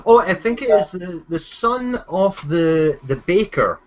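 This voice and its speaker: A man narrating a tabletop game as its game master, his speech unhurried and full of halting restarts. His pitch sits a little above the usual for a man. The sound is muffled and lo-fi, like voice chat. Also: expressive, a little mellow, slight background noise. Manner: hesitant, frequent fillers and restarts.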